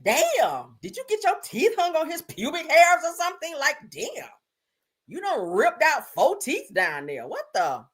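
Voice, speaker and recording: A woman hosting a live stream, chatting casually and loudly, laughing often and throwing slangy asides to her viewers. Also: sits high, measured pace. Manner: loud, laughing, animated gossip with slangy asides.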